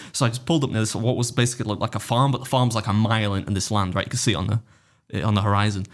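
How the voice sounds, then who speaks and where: An English man telling travel stories on a podcast, animated and laughing, with some swearing. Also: fairly low pitch, quick pace. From England. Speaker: podcast co-host. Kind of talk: casual podcast chat.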